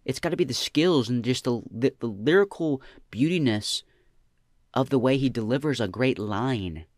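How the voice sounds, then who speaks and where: Young male podcast host, slacker drawl, lively swooping pitch, dry close sound. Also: moderate pace, no echo. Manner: slacker drawl, trailing off with "man" and "bro". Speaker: podcast host answering listener questions. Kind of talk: deadpan comedic podcast banter.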